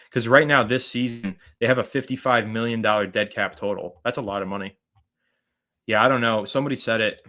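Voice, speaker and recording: A man with a lowish voice hosts a live fan stream, chatting casually and rambling. As he reads viewer comments, he shouts out people by name.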